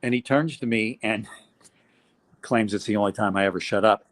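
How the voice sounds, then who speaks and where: An older man, a college basketball play-by-play announcer, telling animated stories as a podcast guest. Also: on the low side, normal speed. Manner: animated storyteller, acts out quoted voices. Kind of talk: storytelling in a podcast interview.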